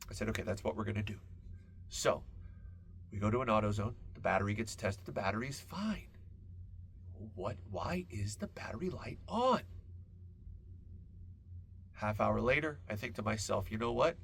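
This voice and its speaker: A man hosting a podcast, telling a long comic story in a casual, profane and animated way. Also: on the low side, moderate pace, creaky, pauses often, a little hiss or hum. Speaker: podcast host.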